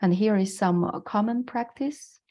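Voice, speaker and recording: A woman's voice: medium pitch, a little slow, dark tone. A woman with a Chinese accent, a non-native English speaker, giving an online lecture on the Chinese language in a patient, explanatory way with frequent fillers.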